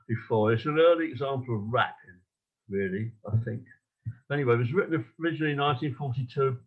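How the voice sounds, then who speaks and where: A man's voice: medium pitch, muffled recording. A man casually introducing his song at a folk club, hesitant and self-deprecating, with fillers and restarts.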